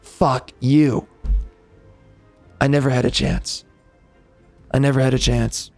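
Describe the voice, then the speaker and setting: A man's voice: medium pitch, level tone, moderate pace, vocal fry, soft background music. A man who hosts a gaming channel, delivering a bitter, profane rant at his viewers. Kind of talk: angry rant to the audience.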